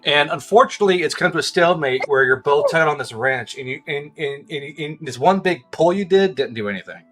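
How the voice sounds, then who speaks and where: Animated man running a tabletop game. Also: a little high, fairly quick, soft background music. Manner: stammering, laughing, loose and profane. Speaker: game master.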